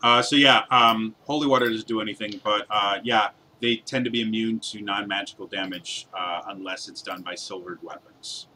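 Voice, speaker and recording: A man serving as game master, walking players through a scene in a bright, crisp voice. He pauses often, filling gaps with ums and uhs. A faint hiss of noise sits behind him. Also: fairly low pitch, steady tone. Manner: hesitant, many fillers. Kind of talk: narrating a tabletop game.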